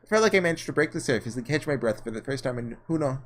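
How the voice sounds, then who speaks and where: A man reading aloud as a frail young woman, in measured, reflective narration, with a lively, varied pitch. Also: close to an everyday voice.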